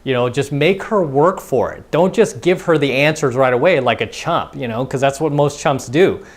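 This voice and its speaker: A man's voice: medium pitch, normal speed. A man giving a casual, conversational dating lesson as a coach, acting out both sides of example conversations. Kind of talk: instructional monologue.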